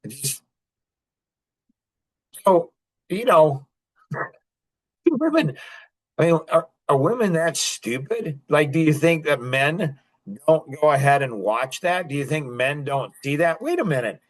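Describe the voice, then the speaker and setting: A man's voice: on the high side, animated, takes it slowly, long pauses. A middle-aged man hosting a podcast, talking in an impassioned, repetitive monologue and breaking into short laughs. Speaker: podcast host.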